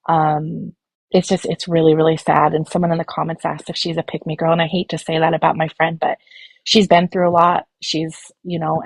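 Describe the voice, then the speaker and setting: A woman's voice: on the low side, a little mellow, dry recording. Worried rambling woman, live stream guest. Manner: worried, rambling, many fillers. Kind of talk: casual chat.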